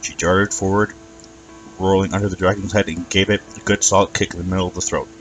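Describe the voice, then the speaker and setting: A man reading a fan fiction story aloud as narrator, with an even storytelling manner and some stumbles. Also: deep voice, quick pace, faint music behind, rough recording.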